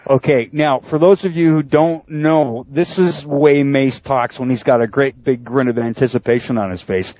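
A male podcast host chatting casually, often laughing and tripping over his words. His voice sits at a middle pitch. The recording is dull and lo-fi, with a dry, close sound. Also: normal speed, hardly any pauses, darkish tone, no echo.

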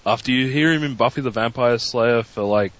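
A man's voice: medium pitch, brisk, a bit bright, muffled recording. A man co-hosting a casual podcast, speaking earnestly with stammered restarts. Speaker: podcast co-host. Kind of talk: casual chat.

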